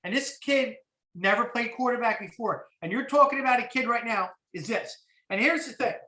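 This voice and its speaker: Bright-voiced man coaching over game film. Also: extremely high pitch, moderate pace, echoey room, poor audio. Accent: New Jersey. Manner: animated, blunt, swears casually. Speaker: football coach.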